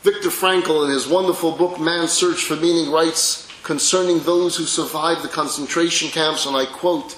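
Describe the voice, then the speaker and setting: A man, a rabbi, gives a religious lecture with dramatic storytelling, sometimes dropping to soft, intimate tones. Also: fairly high pitch, steady tone, normal speed, few pauses. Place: lecture hall with an audience. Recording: echoey lecture hall.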